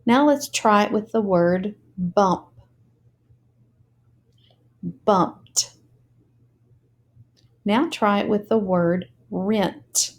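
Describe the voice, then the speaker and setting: A woman teaching a phonics lesson, speaking slowly and deliberately and spelling words out letter by letter. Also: medium pitch.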